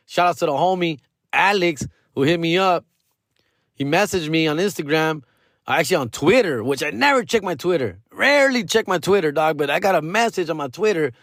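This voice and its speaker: Profane, animated middle-aged male comic. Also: a little high, no room sound, studio quality. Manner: profane, slangy, animated, mixes in Spanish phrases. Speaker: comedian podcast host. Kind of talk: casual comedic storytelling.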